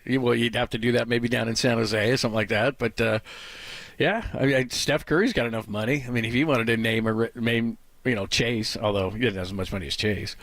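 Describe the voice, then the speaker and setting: A man's voice: mid-range voice, brisk, a bit bright, dry recording. A man from the San Francisco Bay Area hosting a sports radio show in casual chat, laughing often and reading lists aloud.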